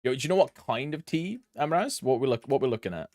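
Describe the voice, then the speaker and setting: A young man from Britain talks casually to his stream chat, rambling from one thought to the next and humming softly between lines. His pitch swings widely up and down. The sound is dry and close, with no room echo. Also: lively intonation, fast. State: allergies flaring up.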